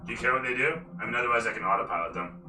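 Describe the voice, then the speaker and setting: Bright-voiced man narrating as dungeon master. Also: medium pitch, rapid-fire, low-quality recording. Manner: cinematic scene narration with casual asides and swearing. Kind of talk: narrating a tabletop game online.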